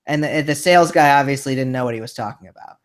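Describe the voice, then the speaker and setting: A man's voice: mid-range voice, fast talker. A man hosting a live show in casual chat, reading out viewer questions in a friendly, hesitant way. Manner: friendly, hesitant, lots of fillers.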